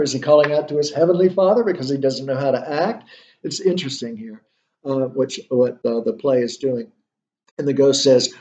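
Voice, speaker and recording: A man's voice: medium pitch, dark tone, lo-fi sound. A male instructor giving a literature lecture, thinking aloud with many fillers and rhetorical questions.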